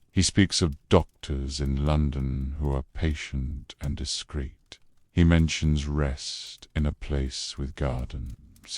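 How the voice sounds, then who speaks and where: A man calmly narrating a scripted bedtime history story in a low, unhurried way. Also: no room sound, studio quality. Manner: low, calm, unhurried delivery.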